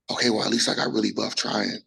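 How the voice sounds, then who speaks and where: A young man, a bodybuilder, telling his story in a casual interview, animated and full of restarts, acting out quotes. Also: fairly low pitch, low-quality recording. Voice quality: gravelly, husky. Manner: animated, acts out quotes, frequent restarts and profanity.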